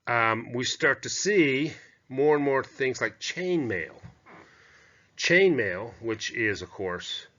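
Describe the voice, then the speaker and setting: Bright-voiced man giving a casual lecture. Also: medium pitch, expressive, slow. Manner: chatty, digressive, with fillers and asides. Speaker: costume history lecturer. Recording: dull, muffled lo-fi lecture recording.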